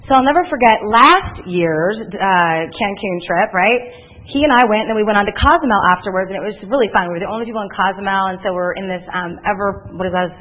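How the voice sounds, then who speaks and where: A woman speaking to a live audience at a sales meeting, telling animated stories and acting out other people's lines in a chatty, energetic way. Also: mid-range voice. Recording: tinny phone-like recording.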